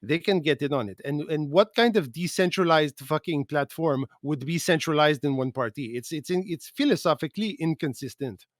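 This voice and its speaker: A man's voice: on the high side, brisk, hardly any pauses, no room sound, clean studio sound, natural voice. A man from Quebec putting on an exaggerated Quebec French accent in broken English, dropping articles and tacking "okay?" onto his points during a podcast chat. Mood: opinionated.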